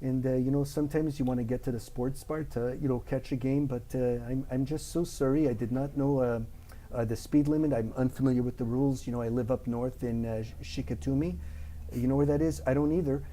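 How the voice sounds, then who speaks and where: A man's voice: mid-range voice, fairly even intonation, fairly quick, mellow, slight background noise, natural voice. A man doing a sorry-sounding Canadian driver. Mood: apologetic. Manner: apologetic, rambling with fillers. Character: overly polite apologetic Canadian driver pulled over.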